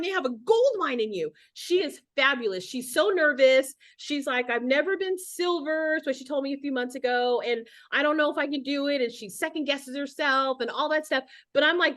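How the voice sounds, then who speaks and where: A woman's voice: high-pitched, normal speed, hardly any pauses, fairly bright tone. A middle-aged woman giving a casual motivational talk on a video call as a guest speaker, chatty and rambling with many restarts.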